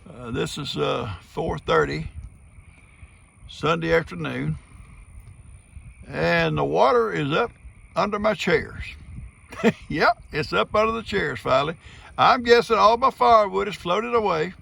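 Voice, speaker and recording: A man's voice: a little high, a little slow, vocal fry, long pauses, pushed and bright, slight background noise. A man with a Southern US accent, outdoors by flooded fields, giving an easygoing, plain-spoken video update. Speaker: farm video host.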